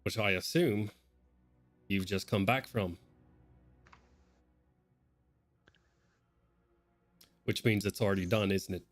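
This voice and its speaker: Man playing a low, sly charmer, placating. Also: fairly even intonation, moderate pace, no room sound, soft background music, natural voice. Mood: knowing. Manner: smooth and placating. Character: smooth, ingratiating male schemer calling others love.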